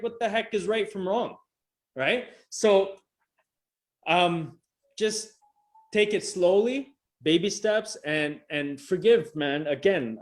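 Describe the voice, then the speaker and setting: Emphatic man coaching over a video call. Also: high voice. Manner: emphatic, repetitive, casual with swearing. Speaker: motivational coach presenting a session. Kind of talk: motivational talk on a video call. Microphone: video call microphone.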